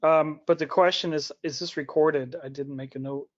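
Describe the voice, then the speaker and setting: A man's voice: a little high, fairly even intonation, moderate pace. A man calling in to ask a polite question on a video call. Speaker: caller. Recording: muffled call audio.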